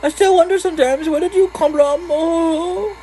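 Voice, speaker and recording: A man voicing an elderly village woman in a cracking falsetto, reading game dialogue aloud. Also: fairly even intonation, moderate pace, warm tone, a little hiss or hum, rough recording. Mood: curious.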